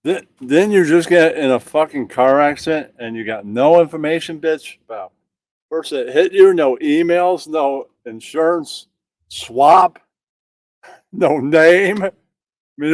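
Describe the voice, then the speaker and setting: A man's voice: fairly high pitch, lively intonation, unhurried, no room sound. A man hosting casual comedic banter, ribbing others in a mocking, profane way.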